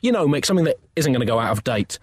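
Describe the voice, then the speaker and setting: Brief: shrill blustering old Pope, put on by a man, dry close sound. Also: wildly swooping pitch, measured pace, no room sound, full character voice. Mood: exasperated. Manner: shouting, outraged, high-pitched. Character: pompous, exasperated old male Pope.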